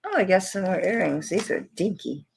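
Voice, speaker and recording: A woman's voice: fairly low pitch, lively intonation, a little fast, gravelly, noisy background. Chatty Southern woman selling jewelry live. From Tampa, Florida, USA. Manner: chatty and rambling, talking to herself while searching. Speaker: live jewelry sale host. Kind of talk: casual live-stream selling chat.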